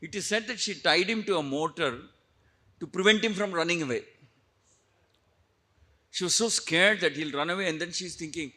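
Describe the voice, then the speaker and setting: A man, a preacher giving an animated devotional storytelling lecture. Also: high-pitched, moderate pace, long pauses.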